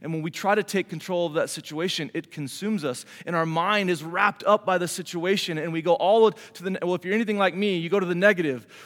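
A man's voice: high-pitched, brisk, fairly bright tone. A man preaching a sermon in a conversational way, asking the congregation rhetorical questions and calling for an amen. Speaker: pastor. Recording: hall reverb.

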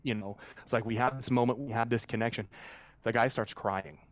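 A man's voice: medium pitch, fairly even intonation, brisk, no echo. Guy telling a heartfelt story on a video call, earnest, lots of ums and restarts, dry close sound. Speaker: mascot performer. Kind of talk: storytelling in a conversational interview.

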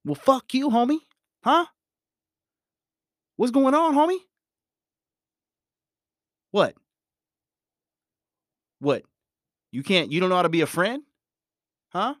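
A man plays an angry, wounded friend who fires off indignant questions at high speed. The pitch leaps around a lot, and the sound is dry and close. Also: lively intonation, a bit bright, no echo, exaggerated voice. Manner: indignant, heated and rapid.

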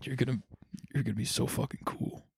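A young man co-hosts a podcast in casual chat, swearing freely, joking and laughing often. His medium-pitched voice is steady, gravelly and husky, and he talks fairly quickly. The recording is dry and of studio quality.

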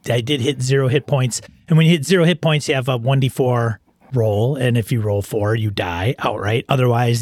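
A man hosting a podcast in easygoing casual chat, his mid-pitched voice wandering through restarts and asides. The recording is dry and close to the mic. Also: dry recording. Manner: rambling, relaxed, restarts often. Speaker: podcast host.

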